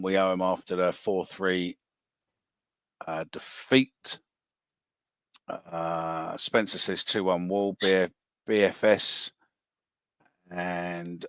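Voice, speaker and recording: A man's voice: low voice, a bit bright, no room sound. A man hosting a casual football podcast, blunt and swearing freely. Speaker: podcast host.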